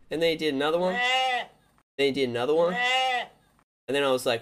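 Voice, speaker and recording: A man streaming a game, rambling through a comic story for his chat in a playful way with loud excited bursts. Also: a little high, fast talker.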